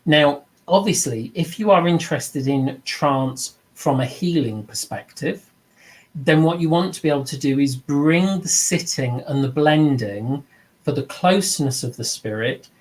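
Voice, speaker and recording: A man's voice: fairly high pitch, unhurried, rough recording. Earnest middle-aged man teaching. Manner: earnest, reflective, acts out quoted voices. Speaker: mediumship teacher. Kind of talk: informal spoken teaching.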